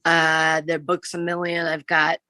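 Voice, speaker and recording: Brief: woman from Minnesota, guest author, bright lowish voice, phone call, dry. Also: monotone, no echo. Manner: friendly, plain-spoken, quick to laugh. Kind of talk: casual interview chat. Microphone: phone on a video call.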